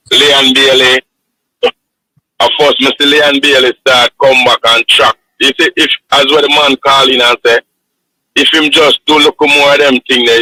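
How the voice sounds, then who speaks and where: A man's voice: mid-range voice, bright, forceful tone, no room sound, poor audio. A man with a Jamaican accent calling in to a sports show, giving earnest football analysis and repeating his points. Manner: earnest, repeats points, says you understand. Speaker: caller.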